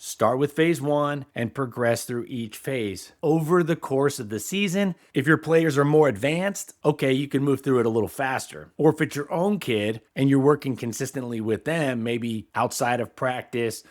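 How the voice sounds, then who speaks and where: Chatty man in his forties hosting. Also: medium pitch. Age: 40s. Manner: enthusiastic, conversational. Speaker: podcast host. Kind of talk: casual podcast talk.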